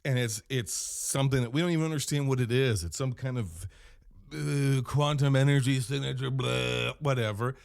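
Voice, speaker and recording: A man hosting a podcast, rambling through a comedic in-character monologue with deadpan storytelling and self-corrections. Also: mid-range voice, moderate pace, vocal fry, dry recording, studio quality. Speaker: podcast host.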